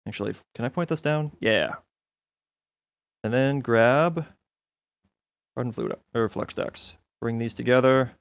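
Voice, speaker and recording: In unhurried, casual gameplay commentary, a man streaming a modded building game thinks aloud and laughs at himself when he errs. His medium-pitched voice is gravelly, and he pauses often. No room sound is audible.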